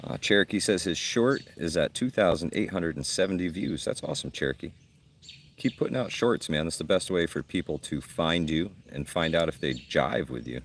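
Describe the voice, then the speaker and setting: A man hosting a casual outdoor livestream at a campsite, reading out viewer comments with a gruff, blunt, joking manner. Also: deep voice, animated, moderate pace, a little hiss or hum. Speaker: livestream host.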